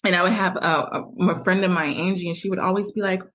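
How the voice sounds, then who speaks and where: A woman's voice: on the low side, steady tone, fast talker, fairly bright tone. A woman hosting a podcast, speaking candidly from her own experience and acting out quoted arguments as she coaches listeners. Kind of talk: personal monologue with advice.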